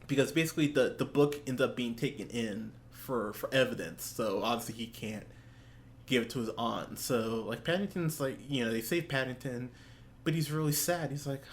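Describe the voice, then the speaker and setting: A man's voice: mid-range voice, normal speed. A young man co-hosting a movie podcast, gushing in casual chat, swearing often and laughing. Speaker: podcast co-host. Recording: faint background noise.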